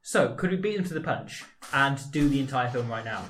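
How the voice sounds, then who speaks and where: A man's voice: medium pitch, expressive, fairly quick, fairly bright tone. A man hosting a comedy podcast, giggling often as he reads aloud and improvises scenes. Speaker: podcast host.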